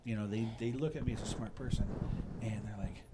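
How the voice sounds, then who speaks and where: A man's voice: fairly low pitch, steady tone, fairly quick, mellow. A middle-aged man with a Chicago accent hosting a casual podcast chat, telling long rambling stories and checking in with "you know what I mean". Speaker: podcast host.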